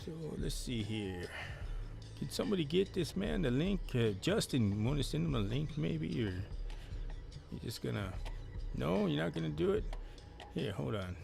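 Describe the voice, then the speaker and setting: A man's voice: on the high side, very animated, normal speed, gravelly, pauses often, a little mellow, faint music behind. A man hosting a casual live stream, joking loosely and reading out viewer comments.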